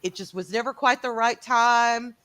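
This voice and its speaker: A woman's voice: a little high, moderate pace, a bit bright. A woman hosting a livestream panel, talking in an effusive, rambling way and laughing often. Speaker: host.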